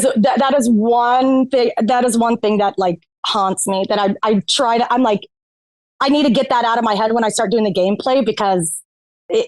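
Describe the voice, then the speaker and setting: A woman's voice: a little high, no room sound. A woman guest on a podcast, talking candidly with a lot of swearing and laughter. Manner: candid, profane, laughs often. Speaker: podcast guest, reality TV competitor. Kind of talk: casual chat.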